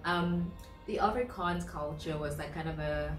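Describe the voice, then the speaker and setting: A woman's voice: deep voice, unhurried, distant mic. A woman from the Western Cape, telling stories in a casual chat with plenty of fillers. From Western Cape, South Africa. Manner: storytelling, many fillers, laughs easily. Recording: echoey room, voice off-mic, music behind.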